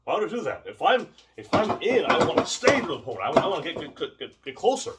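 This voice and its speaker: A man's voice: on the high side, sing-song, fast talker, recorded from a distance, very noisy. A man teaching martial arts drills in a casual, rambling way, often repeating words as he demonstrates. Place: home training space.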